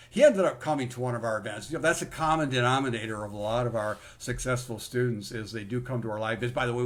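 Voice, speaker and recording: A man giving a live, conversational business-course presentation in an upbeat, enthusiastic way. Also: medium pitch. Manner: enthusiastic, conversational, repeats "in other words".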